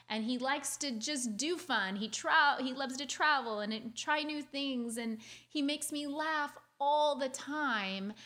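A woman sharing a painful childhood story with her audience in an earnest, confiding way, talking quickly and restarting her phrases as she speaks. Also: fairly high pitch, a bit bright. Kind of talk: heartfelt personal storytelling.

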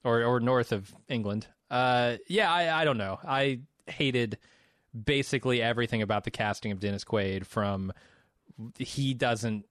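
A man's voice: mid-range voice, a little slow, fairly bright tone, no echo, clean studio sound. A man co-hosting a podcast, giving blunt, opinionated movie takes in casual chat and laughing often. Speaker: podcast co-host.

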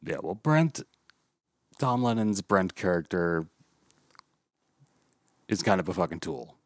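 A man casually reviewing a movie with friends on a podcast, animated and full of profanity. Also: low voice, slow pace, no echo, clean studio sound. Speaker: podcast host.

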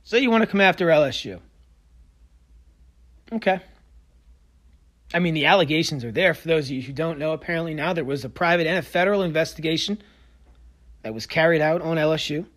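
A man in a heated solo podcast rant, sarcastic and combative. His voice sits a little higher than most men's, and he swings between loud bursts and low, muttered asides. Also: brisk, pauses often. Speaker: podcast host. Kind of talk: solo sports opinion rant.

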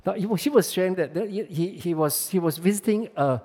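A man's voice: sits high, a little fast, warm tone. Man preaching in an echoing hall. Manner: emphatic, many restarts and fillers. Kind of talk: sermon. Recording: long hall reverb.

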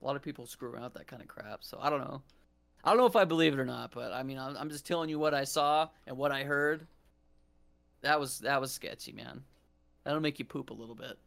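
Laid-back young man with a gravelly voice. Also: medium pitch, fast talker, a bit bright. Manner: laid-back, says "dude" often, rambling restarts. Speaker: podcast host. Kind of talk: casual storytelling chat.

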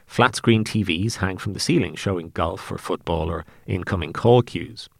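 A man reading his own essay aloud in a wry, deadpan way. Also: low-pitched, moderate pace, gravelly, no echo, studio quality.

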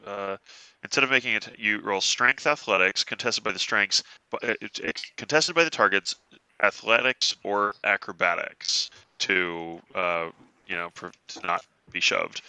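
Male player, low bright voice, hesitant, dry video-call sound. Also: normal speed, clear, resonant tone, no echo, poor audio. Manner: hesitant, many restarts, animated. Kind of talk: playing a tabletop game over video call. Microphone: video call mic.

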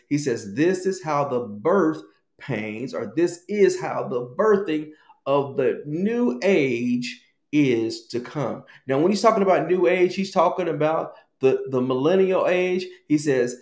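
A man's voice: a little high, animated, unhurried, darkish tone. A male pastor delivering a sermon, repeating phrases for emphasis and calling the congregation to speak to their neighbors. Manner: emphatic, repetitive preaching with calls to the congregation. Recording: echoey room.

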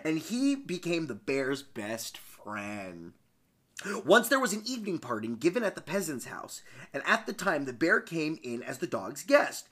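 Lively sweary woman podcast host. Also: deep voice, unhurried, slightly rough. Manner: animated, sweary, laughs while reading. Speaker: podcast co-host reading a folk tale. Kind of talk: casual comedic podcast chat and storytelling.

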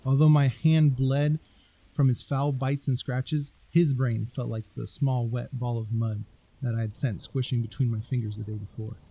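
A man narrating a scary story in a deliberate, storytelling manner. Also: mid-range voice, fairly even intonation, warm tone, slightly rough, low-quality recording.

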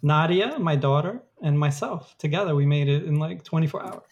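Relaxed chatty man, easy laugh. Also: a little high, brisk, lo-fi sound. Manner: relaxed, laughs easily, lots of "like". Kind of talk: casual chat.

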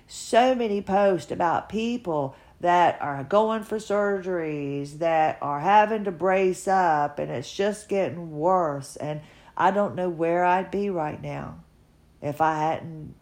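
Slow-talking earnest woman, emotional podcaster. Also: low-pitched, a little mellow. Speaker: podcaster sharing her health journey. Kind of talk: casual personal monologue.

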